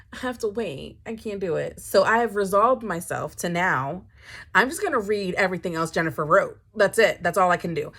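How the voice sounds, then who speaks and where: A young woman chatting casually about books, dramatic and animated, swinging from low mumbles to high exclamations. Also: slightly rough. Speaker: book vlogger. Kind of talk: casual chat.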